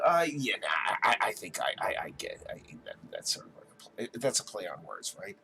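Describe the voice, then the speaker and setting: A man's voice: low voice, huge pitch swings, moderate pace, creaky, few pauses, sharp tone, slight background noise. A man from New Jersey hosting a casual live chat, rambling and stammering as he answers viewers. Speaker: livestream host.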